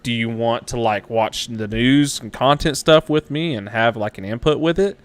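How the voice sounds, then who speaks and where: A man hosts a casual live web show with an easygoing, mid-pitched voice. He jokes about himself and laughs often between thoughts. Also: moderate pace, clean tone. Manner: jokey, laughs often, self-deprecating. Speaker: webshow host. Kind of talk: casual live-stream interview.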